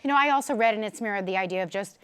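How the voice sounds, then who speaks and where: A woman's voice: medium pitch, rapid-fire, clean tone. A woman hosting a book interview, asking questions and affirming her guest in an encouraging way. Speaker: host. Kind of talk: interview chat.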